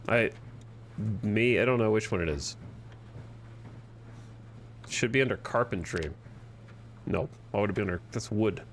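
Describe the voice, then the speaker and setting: A man from the United States giving casual, animated commentary as he streams a game and argues with his chat. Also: lowish voice, slight background noise. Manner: animated, argumentative, thinks aloud.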